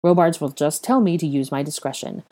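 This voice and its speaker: A woman's voice: low voice, a little fast, mellow, lightly acted. A woman reading aloud, voicing a blunt young wizard investigator who speaks firmly and presses for answers. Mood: stern. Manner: firm, blunt and demanding.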